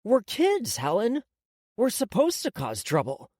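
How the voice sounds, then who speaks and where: A woman's voice: mid-range voice, wildly swooping pitch, measured pace, warm tone, husky, dry recording, clean studio sound, pitched above the performer's own voice, exaggerated voice. A woman voicing a teasing, protective eleven-year-old boy in an audiobook, blunt and playful.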